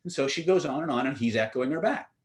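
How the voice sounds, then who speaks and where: Guy running a training seminar, punchy and direct, throws rhetorical questions at you, mid-pitched voice. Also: animated, fast talker. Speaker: influence and communication trainer. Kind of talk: seminar teaching with storytelling.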